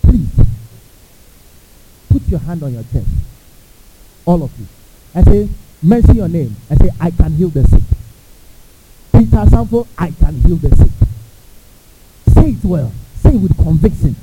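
Animated preaching man, tinny sound. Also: a little high, measured pace, long pauses. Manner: animated preaching, acts out quotes, asks the crowd questions. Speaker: pastor. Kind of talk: sermon. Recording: tinny phone-like sound with faint hiss.

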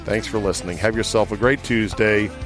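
A man's voice: fairly low pitch, steady tone, over music. A man hosting a podcast from inside a van, chatting about sports in a blunt, profane way. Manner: blunt and profane, talking fast when riled. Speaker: podcast host. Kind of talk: casual sports chat. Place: inside a van used as a studio.

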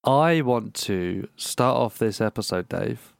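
A man's voice: lowish voice, animated, slow, vocal fry, clean tone, dry recording, clean studio sound. A man co-hosting a casual gaming podcast, rambling through jokes and laughing often. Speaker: podcast co-host. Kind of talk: casual chat.

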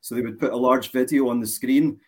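A man's voice: mid-range voice, steady tone, a little fast. A Glaswegian man, a guest on a casual chat, telling a story in an amused way. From Glasgow, Scotland.

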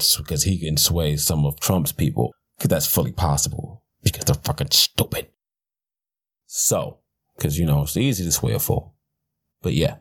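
A man's voice: extremely low pitch, slightly rough. A man hosting a podcast, talking in a blunt, profane, rambling way with frequent restarts. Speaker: podcast host. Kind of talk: casual rambling commentary.

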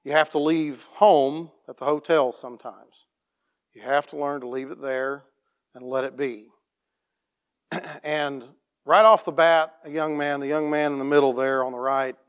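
A plain-spoken man tells a church testimony story as a farm operator, restarting his sentences and clearing his throat often. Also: mid-range voice, a bit bright.

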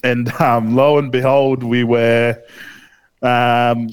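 Aussie bloke yarning on a podcast, smooth clear voice, swears heaps, lots of ums. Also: male voice, mid-range voice, little pitch movement, slow pace, dry recording. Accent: Australian. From Australia. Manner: laid-back storytelling, heavy swearing, lots of fillers. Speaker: podcast co-host. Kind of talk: casual chat.

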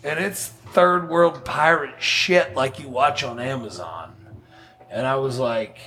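A man's voice: medium pitch, slow pace, sharp tone, slight background noise. Guy in his 40s telling a crazy story on a podcast, swears a lot, laughs it off, normal mid voice. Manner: profane, blunt, laughs through his story. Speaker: podcast guest. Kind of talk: casual storytelling.

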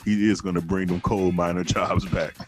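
A man's voice: sits low, flat delivery, moderate pace, soft background music. A man hosting a podcast in casual chat, joking and giving blunt opinions. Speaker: podcast host.

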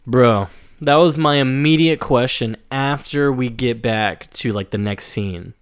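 A man's voice: medium pitch, measured pace, smooth. A young man co-hosting a casual rewatch podcast, recapping scenes with crude jokes. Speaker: podcast co-host.

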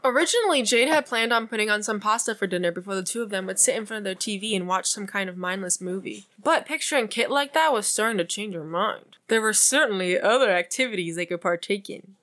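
A woman's voice: medium pitch, animated, fast, few pauses, a bit bright. Woman reading fanfiction aloud, joking. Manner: reads narration aloud, breaks off to joke and giggle. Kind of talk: casual reading and chat.

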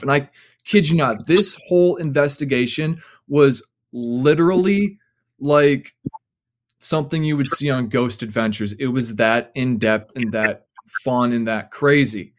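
A man's voice: mid-range voice, unhurried. A young adult man, a podcast guest telling a story casually, rambling with many fillers.

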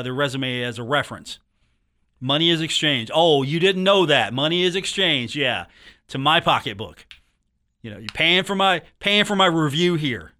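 A man's voice: a little high, bright, forceful tone. A man hosting a sports radio show in a studio, talking in a joking, teasing, rambling way. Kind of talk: casual sports talk radio monologue.

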